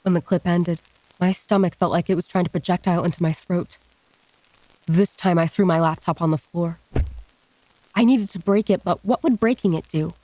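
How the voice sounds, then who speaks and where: A woman narrating a first-person horror story in a steady, even reading. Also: fairly low pitch, moderate pace, dry recording, poor audio.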